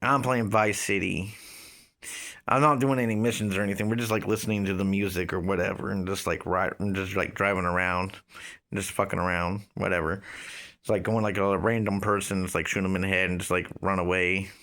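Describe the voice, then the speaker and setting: A man in his thirties with a somewhat low voice tells a story in a loose, rambling way. He leans on fillers and swearing, and his pace drifts between quick and drawn out. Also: steady tone, a bit bright. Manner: rambling, profane, filler-heavy. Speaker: vlogger. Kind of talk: casual storytelling.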